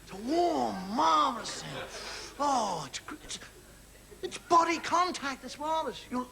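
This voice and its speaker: A man's voice: very high voice, very animated, measured pace, creaky, bright, forceful tone. A male stand-up comedian in a television studio, telling a confiding monologue to a live audience and acting out little scenes. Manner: conversational, confiding asides to the audience; acts out little scenes with mimed sounds. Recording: noisy old television recording with audience laughter.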